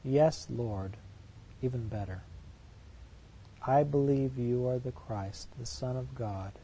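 A man's voice: medium pitch, slow pace, dark tone, slightly rough, low-quality recording. A man preaching a sermon, reading scripture verses aloud and commenting on them with rhetorical questions in an earnest, emphatic way.

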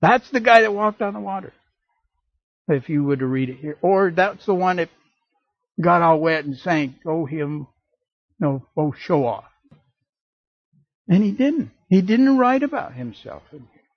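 A man preaching a sermon in an animated way, acting out little voices and jokey asides. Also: high voice, a little slow, pauses often, no room sound, highs cut off.

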